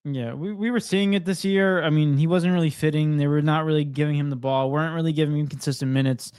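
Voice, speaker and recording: Male sports co-host, higher-pitched, confident and opinionated, dry recording. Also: fairly even intonation, a little mellow, clear, resonant tone, dry recording. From Portuguese heritage. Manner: confident, opinionated, quick bursts. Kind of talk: casual sports chat.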